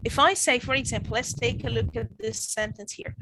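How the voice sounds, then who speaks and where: A woman's voice: on the high side, fairly quick, pushed and bright, slight background noise, rough recording. A woman teacher running an online training session, explaining drilling and modelling example sentences with repeated phrases.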